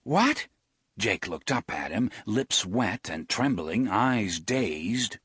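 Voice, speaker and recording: A man narrates a story with an expressive, theatrical delivery. His voice is husky with lively pitch. The recording is dry and close. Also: slow, no echo. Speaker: audiobook narrator. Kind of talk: scripted narration.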